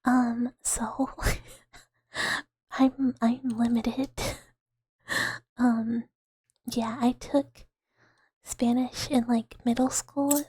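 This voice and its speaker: A young woman in a whispered ASMR stream chat, her voice high and airy as she talks very slowly into a close microphone. She giggles at herself between soft whispers, and the sound is dry and intimate. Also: flat delivery, breathy edge, no echo. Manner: giggly, laughs often at herself.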